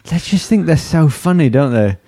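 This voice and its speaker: A man's voice: a little high, lively intonation, normal speed, dark tone, no echo. A man hosting a casual chat podcast, rambling hesitantly and mocking himself. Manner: hesitant, lots of fillers and restarts, self-mocking. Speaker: podcast host.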